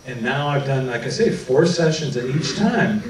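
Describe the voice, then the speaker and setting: Before an audience in an echoey meeting hall, a man with a mid-range voice gives a public talk full of personal stories at a normal speed. He animatedly acts out quoted dialogue, and the distant-sounding recording has slight background noise.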